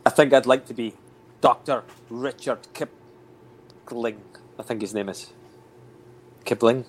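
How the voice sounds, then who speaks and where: A man's voice: medium pitch, steady tone, takes it slowly, slight background noise. A Scottish man, a podcast host, in sweary, laughing, teasing casual banter. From Scotland. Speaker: podcast host, former footballer.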